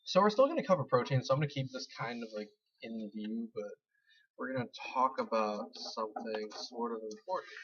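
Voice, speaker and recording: A man's voice: mid-range voice, expressive, fairly quick, husky. A young man giving a casual screen-recorded tutorial, rambling and self-deprecating as he explains. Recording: slightly dull lo-fi mic.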